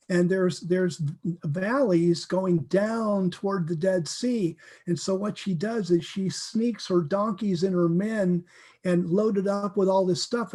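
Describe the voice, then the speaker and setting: A man with a fairly high voice leads a Bible teaching. He speaks earnestly and with feeling, often repeating words and restarting his sentences. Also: warm tone. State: emotional.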